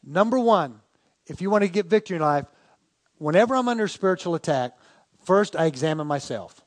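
A man's voice: high-pitched, expressive, a little fast. A man preaching a sermon to a congregation, telling stories and asking the listeners to turn to their neighbors. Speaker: pastor.

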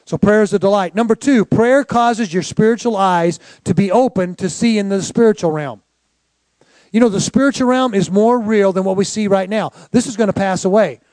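A man's voice: high-pitched, darkish tone, dry recording. A man who is a pastor, preaching an earnest sermon and quoting scripture.

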